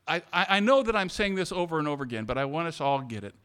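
A man preaching a sermon, repeating his points and swinging between hushed, tender passages and loud, emphatic calls for amens. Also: fairly high pitch, big pitch swings, rapid-fire, clear, resonant tone. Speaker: pastor.

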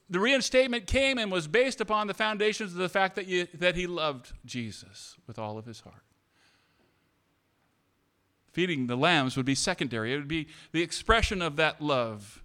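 A man preaching a sermon, repeating his points and swinging between hushed, tender passages and loud, emphatic calls for amens. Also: high-pitched, clear, resonant tone. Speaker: pastor.

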